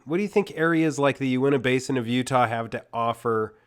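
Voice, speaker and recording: A man hosting an interview, asking his questions slowly and carefully. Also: mid-range voice. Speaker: host.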